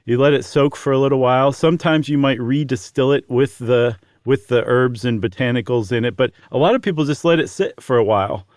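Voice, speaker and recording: A man's voice: medium pitch, brisk, few pauses, a little mellow, no echo, studio quality. A man co-hosting a podcast, chatting casually and explaining things with lots of fillers. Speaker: podcast co-host.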